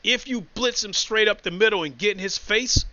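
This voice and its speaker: Man with a high, bright voice, blunt casual sports rant, muffled and dry. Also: brisk, no room sound. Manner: blunt, profane, emotional storytelling. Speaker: sports commentator.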